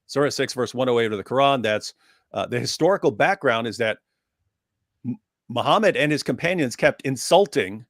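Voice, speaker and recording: A man in a call-in livestream discussion, arguing emphatically at a middle pitch. He circles back and repeats his phrases to drive each point home, and his voice sounds dry and close, with no room echo. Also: fairly bright tone. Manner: emphatic, repeats phrases while building an argument.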